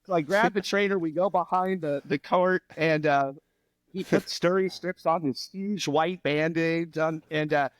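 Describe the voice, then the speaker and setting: A middle-aged man with a fairly high voice spins a long, animated story and chuckles along the way. It is a casual podcast chat recorded up close in a dry, dead space. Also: a little slow, no room sound. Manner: animated anecdote teller, laughs at own stories. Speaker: head coach, podcast guest.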